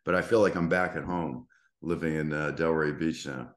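Deep-voiced Boston host, echoey room. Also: male voice, steady tone, moderate pace. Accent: softened Boston. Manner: chatty, filler-heavy, rambling. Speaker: podcast host. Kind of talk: casual interview.

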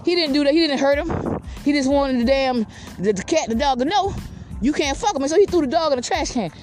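A woman's voice: high voice, expressive, fairly quick, over music. A woman telling a rambling comic story, cussing and tagging lines with filler questions.

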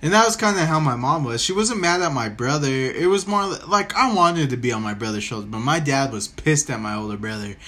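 A man's voice: mid-range voice, animated, fairly quick, few pauses, pushed and bright. A man hosting a podcast, telling a rambling story in casual chat and swearing freely. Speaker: podcast host.

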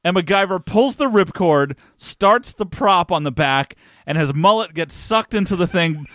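A man co-hosting a podcast, casually retelling an episode scene by scene in a wry, deadpan way. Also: high-pitched, moderate pace, dry recording. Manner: wry, play-by-play storyteller. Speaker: podcast co-host. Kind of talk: casual recap chat.

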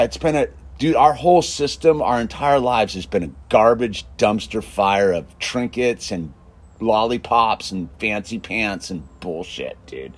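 A man ranting in a casual monologue, emphatic and constantly saying "dude", swinging between loud bursts and low mutters. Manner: emphatic, peppers speech with "dude". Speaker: show host.

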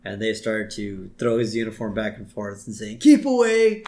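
A man co-hosting a podcast, casually retelling cartoon scenes and jumping into high voices for quoted lines. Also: flat delivery, normal speed. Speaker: podcast co-host recapping an episode. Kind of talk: casual chat.

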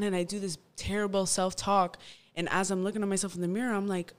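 A woman's voice: mid-range voice, flat delivery, quick pace. A woman guest on a casual podcast, talking animatedly and acting out her own self-talk. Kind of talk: casual chat.

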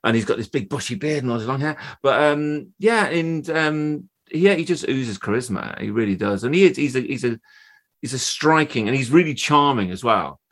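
A man's voice: medium pitch, lively intonation, moderate pace, a bit bright. A man in his fifties, an actor guest from England, telling stories in a chatty, laughing way on a podcast. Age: 50s. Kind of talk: casual podcast chat.

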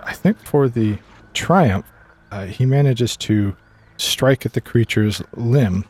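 A man's voice: medium pitch, slow pace, a little mellow. A man playing a tabletop role-playing game, describing his character's moves casually. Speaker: player.

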